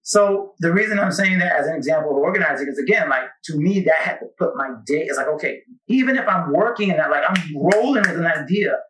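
A man's voice: fairly high pitch, fast, hardly any pauses, slight background noise. A man, a podcast host taking guest questions, chatting casually and rambling with lots of asides. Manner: rambling, animated storytelling with many asides. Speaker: podcast host being interviewed. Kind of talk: casual conversation. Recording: echoey room, mic at a distance.

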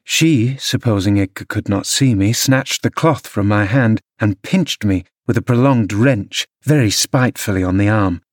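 Man, audiobook narration, measured storytelling, lowish voice, dry close sound. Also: dry recording. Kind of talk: scripted narration.

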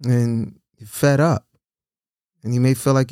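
A man's voice: mid-range voice, fairly even intonation, unhurried, a little mellow, clean tone, no room sound, clean studio sound. A man giving casual, earnest encouragement, often repeating himself and checking in with "right?".

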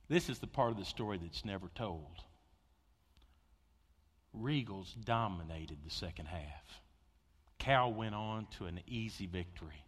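A man preaching a sermon, telling stories with big swings between loud excitement and hushed intensity. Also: low-pitched, a little slow, long pauses, breathy edge. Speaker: pastor. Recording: long hall reverb.

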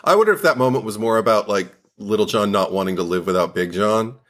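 A man's voice: lowish voice, expressive, fast talker, a bit bright. A man co-hosting a movie podcast, musing aloud with hesitant restarts and frequent laughter. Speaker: podcast co-host. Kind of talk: casual chat.

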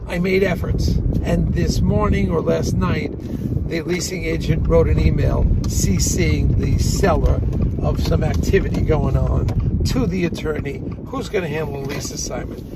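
A man hosting a podcast, talking casually and excitably from a car, rambling and restarting his sentences. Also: on the high side, creaky. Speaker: podcast host, practice broker. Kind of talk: casual monologue. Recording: loud car and wind noise. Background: road and wind noise.

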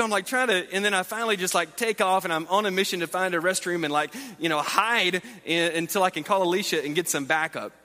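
A man, likely in his thirties, preaching with an animated, self-deprecating family story full of restarts. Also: high-pitched. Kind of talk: sermon storytelling. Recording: hall reverb.

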